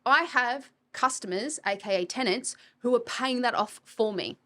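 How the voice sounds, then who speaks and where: Blunt, animated woman. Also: on the high side, normal speed. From Australia. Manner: animated, blunt, swears casually. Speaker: property coach. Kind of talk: podcast interview.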